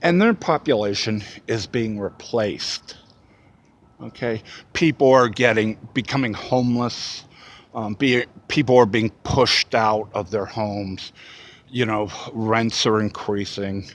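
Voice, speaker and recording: A man's voice: on the low side, takes it slowly. A man giving a casual spoken reflection for his vlog, rambling with many fillers and restarts. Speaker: vlogger.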